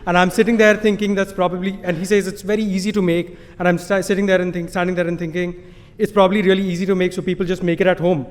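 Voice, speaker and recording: A man with an Indian accent and a notably high voice tells a live story from a stage, amused and self-deprecating. His voice rings out through a large hall with a long reverb tail. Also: level tone, fast talker, slight background noise. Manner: amused, self-deprecating, chuckling between lines.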